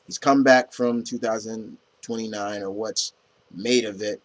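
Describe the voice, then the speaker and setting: A man's voice: on the low side, fairly even intonation, unhurried. Rambling young man reviewing comics. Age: young adult. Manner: rambling, many fillers and restarts, swears casually. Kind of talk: casual spoken review.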